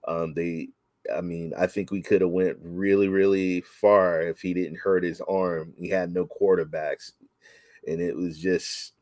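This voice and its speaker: A man co-hosting a casual sports chat, talking excitably with many halting restarts. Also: low voice, no room sound. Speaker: podcast co-host.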